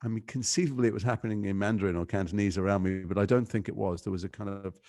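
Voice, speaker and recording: A middle-aged male actor being interviewed, telling animated stories and mimicking voices. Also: fairly low pitch, rapid-fire, no echo, studio quality. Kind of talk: interview conversation.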